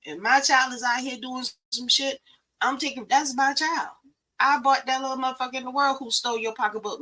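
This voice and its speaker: A woman's voice: on the high side, steady tone, brisk, sharp tone, low-quality recording. A middle-aged woman, hosting a talk show and giving blunt, profane, emphatic advice. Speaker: podcast host. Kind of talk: preachy motivational talk.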